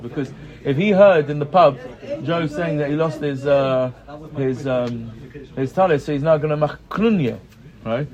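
A man's voice: fairly high pitch, darkish tone. A man teaching a text study class, reading short passages aloud and explaining them in casual English with constant "right? yeah?" checks to his students. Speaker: Talmud teacher. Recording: room with group chatter heard.

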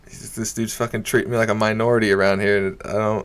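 A man's voice: lowish voice, fast talker, slight background noise. A man telling a bar story in a casual, rambling way. He swears often, fills his talk with "you know" and "like", and laughs as he goes. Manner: profane and rambling, full of fillers; animated, laughing while he recounts. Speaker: amateur stand-up comic.

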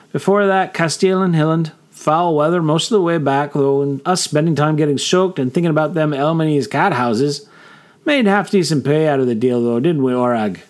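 A man doing a rough-talking wiry sailor. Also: on the high side, pitched above the performer's own voice, lightly acted. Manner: rough dockside slang. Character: wiry male sailor, blunt and rough-spoken.

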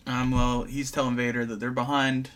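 A man with a bright, ringing voice at an ordinary pitch talks through a film in relaxed podcast chat. He explains plot points matter-of-factly and teases his co-host along the way. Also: normal speed, a little hiss or hum. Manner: teasing, matter-of-fact explainer. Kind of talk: casual movie recap chat.

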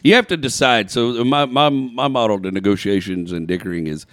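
A man co-hosting a podcast. He talks in casual banter, laughs loudly and acts out stories in quoted voices. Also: mid-range voice, brisk, no echo. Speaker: podcast co-host. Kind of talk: casual chat.

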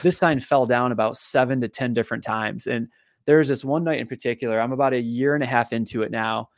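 A man's voice: mid-range voice, a little fast, no room sound. Guy telling a long story on a podcast, lots of restarts and repeats, dry close mic. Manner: animated storyteller, frequent repeated words. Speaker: guest, physical therapist and author.

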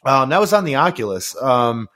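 A man's voice: mid-range voice, very animated, moderate pace, pushed and bright. Slangy, laughing young man podcast host. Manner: slangy, profane, laughs through stories, acts out voices. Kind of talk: casual chat, animated storytelling.

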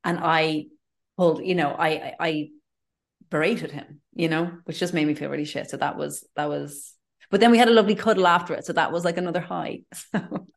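A woman's voice: deep voice, brisk, vocal fry. A woman, telling candid personal stories in a casual chat as co-host, with lots of fillers and restarts. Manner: candid, chatty storyteller with many fillers and restarts. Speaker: podcast co-host.

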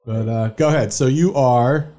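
A man's voice: mid-range voice, normal speed. A man co-hosting a sports podcast, casually joking and asking questions. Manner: lively, asks questions, joking. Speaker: podcast co-host.

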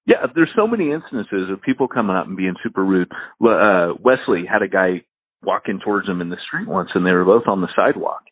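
A low, husky-voiced man co-hosts a casual podcast and tells his stories with animated energy. The recording is dry and narrow like a phone line, with no room sound. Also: a little fast, no room sound. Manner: animated storyteller, laughs at his own anecdotes. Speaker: podcast co-host, church planter.

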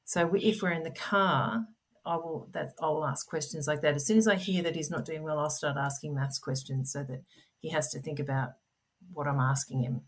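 A middle-aged woman guest in an interview, explaining things in an earnest, gentle, conversational way. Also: low-pitched, steady tone, moderate pace, slightly rough. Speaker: podcast guest, parent advocate.

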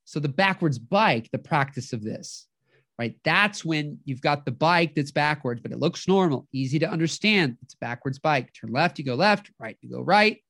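Animated motivational podcast host. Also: medium pitch, normal speed, no room sound, studio quality. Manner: animated, acts out inner voices, keeps asking "right?".

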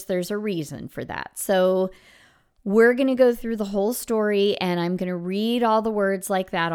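Music teacher lady explaining class activities, smooth clear voice, mid pitch, swoops her voice up and down to demo. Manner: lively, demonstrates with sudden high and low voice swoops; encouraging, explains step by step. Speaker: elementary music teacher and podcast host. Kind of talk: instructional podcast talk.

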